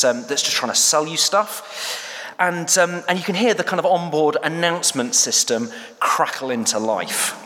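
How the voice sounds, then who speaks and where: In an echoey church hall, a man on the church staff delivers a sermon in a slightly high, bright voice with a forceful tone, though his talk is casual and halting, full of filler words.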